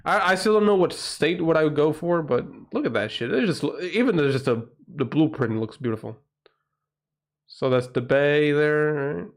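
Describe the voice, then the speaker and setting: A man's voice: on the high side, expressive, moderate pace. A man from Portugal with a Portuguese accent, a livestream host in a rambling, profane, casual chat who often breaks into exclamations.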